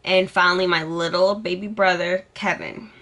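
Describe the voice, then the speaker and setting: A woman's voice: fairly low pitch, fairly even intonation, normal speed, sharp tone. A young woman vlogging casually, sassy and dramatic, swearing freely as she answers questions about herself. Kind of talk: casual get-to-know-me vlog.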